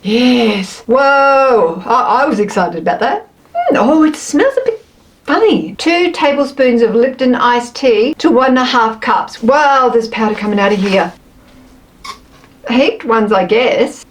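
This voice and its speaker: A woman's voice: a little high, sing-song, measured pace, echoey room, poor audio. An Australian woman chatting playfully through a casual taste-test vlog while cooking at home. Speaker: food vlogger. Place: home kitchen.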